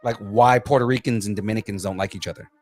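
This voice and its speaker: A man's voice: on the low side, fairly even intonation, fast talker, darkish tone, faint music behind. A man co-hosting a podcast in casual chat, talking loosely with lots of fillers and jokes. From Central America. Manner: chatty, many fillers and restarts, joking. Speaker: podcast co-host.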